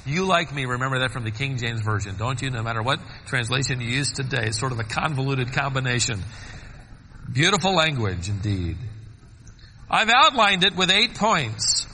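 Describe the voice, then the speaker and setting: A man preaching a sermon, swinging between soaring emphatic peaks and quiet low asides. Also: expressive, brisk, long reverb tail, slight background noise, rough recording.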